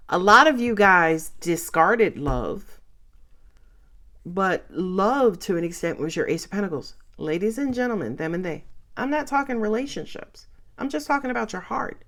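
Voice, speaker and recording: Excitable, animated woman reading tarot. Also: medium pitch. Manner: excitable, chatty, swears freely, laughs often. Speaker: tarot reader. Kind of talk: casual tarot reading to camera. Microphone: camera.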